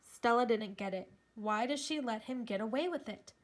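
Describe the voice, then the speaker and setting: A woman's voice: a little high, normal speed. Woman reading a story aloud. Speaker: narrator. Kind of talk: reading a children's novel aloud.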